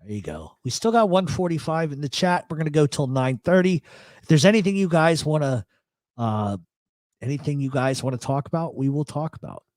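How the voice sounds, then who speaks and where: A man's voice: a little high, animated, brisk, darkish tone, no echo. A man hosting a live talk show, with a South Philadelphia accent picked up over the years, rambling and swearing through his stories. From Rhode Island. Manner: rambling, profane, storytelling. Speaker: radio show host.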